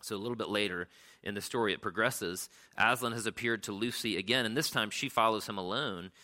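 A man giving a sermon in a casual, halting way, retelling and reading a storybook. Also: lowish voice, bright, forceful tone. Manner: casual, halting, with frequent fillers.

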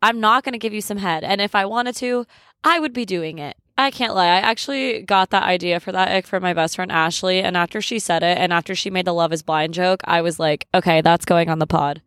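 A woman's voice: on the low side, brisk, fairly bright tone, no room sound, clean studio sound. A young woman hosting a podcast in a candid, casual chat, laughing often and swearing freely. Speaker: podcast host.

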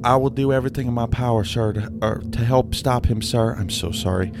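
A man's voice: medium pitch, brisk, natural voice. A man voicing a stammering young woman agent. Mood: nervous. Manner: stammering, hesitant. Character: young woman FBI agent, nervous and dutiful.

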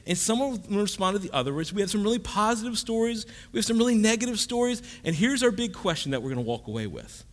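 A male pastor delivering a sermon, his slightly high voice swinging widely in pitch. He teaches in a relaxed, conversational way, dropping jokes and asides as he goes.

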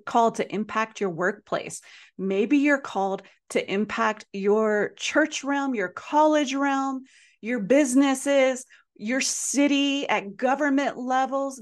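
Woman, podcast host, earnest, emphatic, repeats phrases, slightly high-pitched. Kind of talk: personal storytelling monologue.

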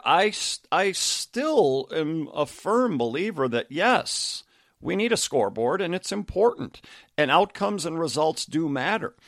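A man's voice: a little high, fairly bright tone, no echo, studio quality. Chatty middle-aged man talking over a book. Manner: rambling, many fillers and restarts. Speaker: podcast host and coach. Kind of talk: casual book discussion.

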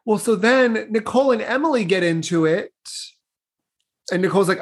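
Woman, podcast co-host, casual storytelling recap, playful, medium pitch. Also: lively intonation, moderate pace, slightly rough. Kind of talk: casual chat recapping a TV episode.

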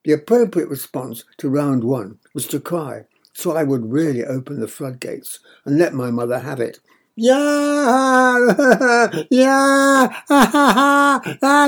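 An older man reading his memoir aloud in a measured, wry storytelling manner. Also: mid-range voice, a little mellow, slightly rough. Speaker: narrator.

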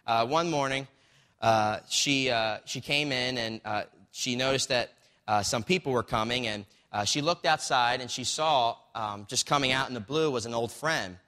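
A man with a bright, forceful voice tells a story as part of a sermon. He talks loosely and conversationally, stopping for fillers and restarts, now and then reading a line from a book. His voice rings with the long reverb of a large hall. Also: medium pitch, moderate pace.

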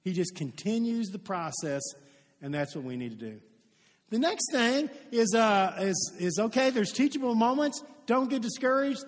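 A man with a high voice preaches a sermon, trading off between story and acted-out lines. He grew up in Kentucky. His voice rings out with a long reverb in a large church hall. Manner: lively storytelling, acts out quoted dialogue. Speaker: pastor.

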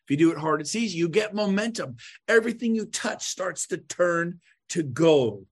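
A man with a notably high speaking voice, coaching real estate agents in a podcast conversation. He talks in an emphatic, punchy way, jumping from loud bursts down to quiet asides. The delivery is the style of a motivational sales coach. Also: expressive, moderate pace, husky.

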